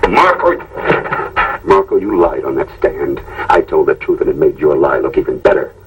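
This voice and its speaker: An actor playing a determined cop who speaks slowly and threateningly in an old film. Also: male voice, very deep voice, husky, dry recording. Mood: grim. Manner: slow and threatening. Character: grim, determined middle-aged cop. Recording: old film sound, distant mic, faint noise.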